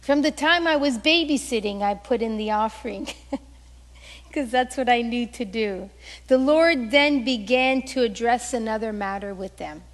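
A woman's voice: on the high side, a little slow, in a large hall. A woman pastor preaching a sermon, telling stories animatedly and acting out the voices she quotes.

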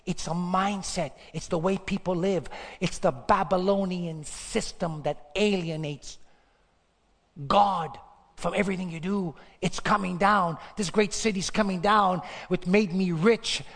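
A man preaching an impassioned sermon, swinging between loud bursts and hushed lines, often stammering and repeating words. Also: high voice, steady tone, measured pace. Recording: long hall reverb.

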